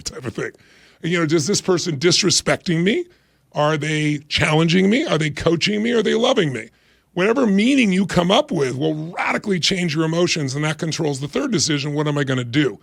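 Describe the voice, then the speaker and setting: Brief: fast-talking man in his sixties, gravelly voice, energetic interview guest, dry sound. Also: fairly high pitch, no room sound. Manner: energetic, emphatic, acts out quoted voices. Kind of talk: motivational interview talk.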